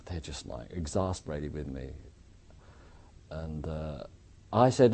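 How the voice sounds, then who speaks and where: English man, deep voice, mellow tone, animated storytelling, interview guest, quotes people in voices. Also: unhurried. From England.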